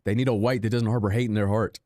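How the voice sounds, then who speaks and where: A man's voice: on the low side, steady tone, quick pace, dark tone, no echo, clean studio sound. A young man streaming a racing game, chatting with his viewers in a sarcastic, self-deprecating, rambling way. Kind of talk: casual live-stream chat while gaming.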